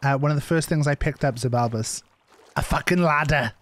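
A man streaming a survival game, his voice sitting a little high. He chats loosely into his mic and often repeats himself as he thinks aloud. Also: brisk, fairly bright tone. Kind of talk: live gameplay commentary.

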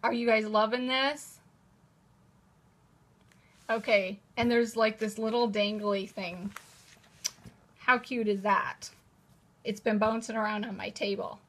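A woman's voice: mid-range voice, steady tone, takes it slowly, pauses often, fairly bright tone. A woman hosting a casual live-stream showcase of new planners, gushing and chatty as she repeats how cute each page is. She sits at a table, speaking to a camera in a holder. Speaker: host presenting new planners. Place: indoors at a table at home.

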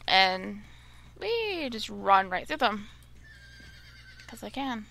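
A young woman gamer talking her way through a play session in a slow, gravelly voice. She grumbles and gets exasperated easily, chatting casually to herself, with a bright, fairly high tone. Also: sing-song. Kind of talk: casual gameplay commentary.

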